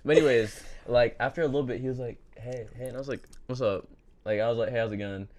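A man co-hosting a casual chat with a friend, playful and excitable, cutting in with eager slangy remarks. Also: medium pitch, fast talker. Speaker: podcast co-host.

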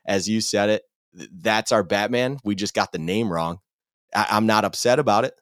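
A man with a lowish voice co-hosts a sports podcast in easygoing, chatty talk. He tells his stories loosely and casually. The recording is dry, with no room sound around him. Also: normal speed, a bit bright, no echo. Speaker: podcast co-host.

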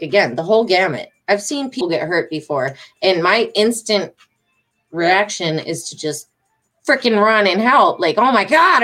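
A woman's voice: fairly low pitch, fairly bright tone. A middle-aged woman telling a story casually to her followers, agitated, emphatic and rambling, with swearing. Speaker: vlogger.

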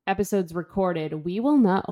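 A woman's voice: medium pitch, animated, moderate pace, a crowd in the background. A woman co-hosting a casual book-club podcast, easygoing as she recaps the story. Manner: easygoing, recaps plot with reading aloud. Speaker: podcast co-host.

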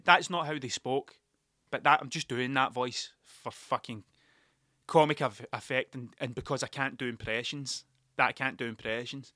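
A man's voice: medium pitch, steady tone, normal speed, bright, forceful tone, dry recording, clean studio sound. A man with a Glaswegian Scottish accent, rambling through a sweary, wry story in a casual podcast monologue. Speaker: podcast host.

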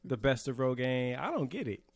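A man in his thirties co-hosting a wrestling podcast at a mid pitch. He talks in a loose, relaxed way, full of fillers, and drifts easily into joking asides. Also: moderate pace. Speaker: podcast co-host. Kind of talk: casual chat.

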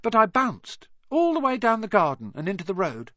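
A man's voice: sits high, huge pitch swings, normal speed, a bit bright, dry recording, dull audio, pitched above the performer's own voice, heavily acted. A man voicing a shy, nervous young schoolboy who rambles eagerly.

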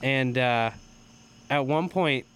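A young man co-hosting a casual podcast, telling stories with lots of swearing and loud, high bursts of laughter. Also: slow, clean tone. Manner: profane, animated storytelling with loud high laughs. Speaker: podcast co-host. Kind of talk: casual storytelling chat.

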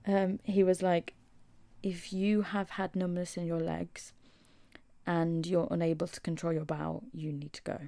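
A young Englishwoman, shaky and unwell after hospital, hosts a casual solo podcast and tells a chatty story at normal speed. Her fairly low voice is gravelly and mellow with a flat delivery, and there's no room sound. For quoted asides she dips into a whisper.

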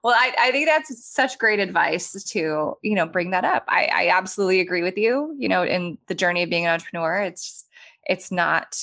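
A woman's voice: lowish voice, animated, a little fast, vocal fry. A woman hosting a podcast, affirming her guest and asking questions in a casual conversation. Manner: warm affirming interviewer, laughs easily. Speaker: podcast host.

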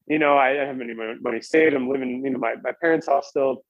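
A man's voice: mid-range voice, fast, no echo, dull audio. A man casually telling a long story as a podcast guest, rambling with lots of "like" and restarts.

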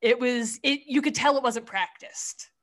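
A woman co-hosting a casual chat, retelling comedy sketches in a blunt, profane, animated way. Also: a little high, measured pace. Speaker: podcast co-host.

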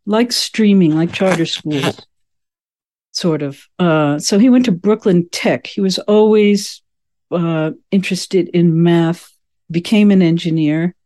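A woman's voice: lowish voice, slow pace, dark tone. A woman in her sixties from the United States, a podcast guest telling family stories in a rambling, anecdotal way with many asides. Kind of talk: conversational family storytelling.

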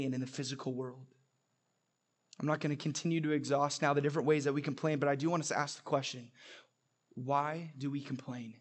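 A young adult man preaching a sermon, telling stories with humor and emphatic repetition. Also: fairly high pitch. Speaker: pastor.

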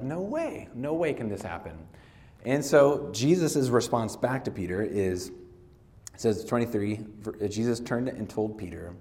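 A man's voice: on the low side, darkish tone. A man preaching a sermon in a conversational way, laughing often and restarting his phrases. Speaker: pastor.

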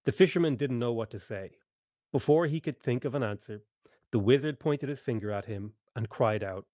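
A man narrating a tabletop game story over an online voice call, reading steadily and now and then clearing his throat. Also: mid-range voice, moderate pace, a little mellow, dry recording.

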